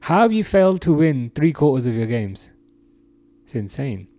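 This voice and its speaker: A man's voice: medium pitch, sing-song, moderate pace, mellow, no echo, soft background music. Chatty man hosting a football livestream. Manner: chatty, reads viewer comments aloud, laughs often. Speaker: livestream host reading chat. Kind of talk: casual football chat.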